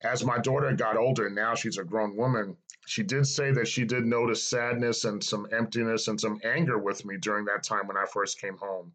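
A middle-aged man with a somewhat low voice tells his own story in a personal testimony. He speaks earnestly and reflectively and repeats key phrases for emphasis. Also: fairly bright tone, poor audio.

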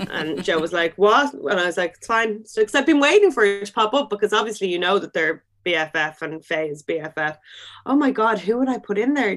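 A young woman chatting casually about reality TV, gushing and giggly, often laughing mid-sentence. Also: mid-range voice. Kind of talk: casual chat.

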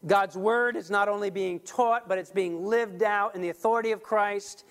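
High-voiced emphatic male preacher. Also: moderate pace. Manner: animated, emphatic, with restarts. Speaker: pastor. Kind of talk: sermon.

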